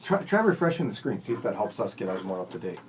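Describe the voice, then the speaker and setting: A man's voice: lowish voice, very animated, quick pace. A man co-hosting a radio show, running a casual phrase quiz and teasing his co-host. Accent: American. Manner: teasing, playful.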